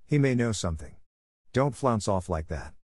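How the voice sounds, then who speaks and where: A man's voice: lowish voice, animated, moderate pace, darkish tone, no room sound, studio quality. A man doing an older seal giving advice. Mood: advising.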